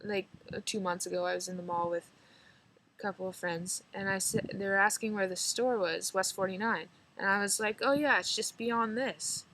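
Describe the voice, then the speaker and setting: A woman's voice: mid-range voice, little pitch movement, brisk, background noise. Teen girl vlogger, slight drawl, chatty and giggly, mid-range voice. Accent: slight rural drawl. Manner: chatty, rambling, giggly, lots of "like". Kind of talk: casual chat to camera.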